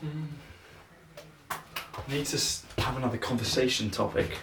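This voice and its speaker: A man's voice: medium pitch, normal speed. A young man rambling and musing aloud to himself while practising, easily distracted. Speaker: vlogger. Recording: roomy, distant, noisy.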